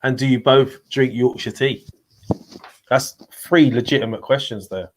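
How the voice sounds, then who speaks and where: A man of middle pitch co-hosting a loose banter stream, quizzing his co-host and taking viewer questions with a teasing edge. He talks in a relaxed, chatty way. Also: a little slow, a little hiss or hum. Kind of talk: casual live-stream banter.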